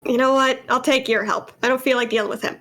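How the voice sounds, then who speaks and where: A woman playing a tabletop game, casual and quick to laugh, swearing freely. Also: sits high, fairly even intonation, fairly bright tone. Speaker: player.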